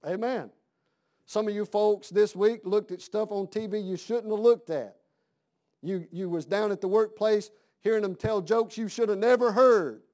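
A man's voice: high-pitched, steady tone, moderate pace, dark tone. A man preaching a sermon in a folksy, conversational way, asking his congregation questions.

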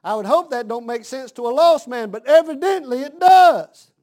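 A man preaching a sermon, dropping to a hush and then rising to shouts with slow, drawn-out emphasis. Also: very high-pitched, expressive.

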